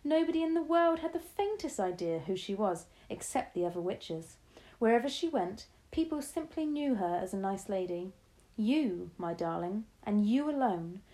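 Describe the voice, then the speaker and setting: A woman's voice: medium pitch, animated, moderate pace, warm tone, natural voice, rough recording. A woman voicing a shrewd, determined old grandmother who speaks firmly and knowingly.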